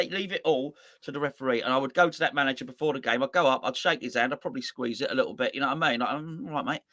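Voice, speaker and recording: Emphatic bright-voiced male co-host. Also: fairly high pitch. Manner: emphatic, repeats words, rants about cheating. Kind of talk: casual football chat.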